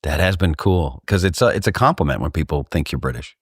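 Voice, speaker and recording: A man from Texas co-hosting a podcast, telling rambling, animated stories in casual chat. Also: extremely low pitch, fast, husky, no room sound, studio quality. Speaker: podcast co-host.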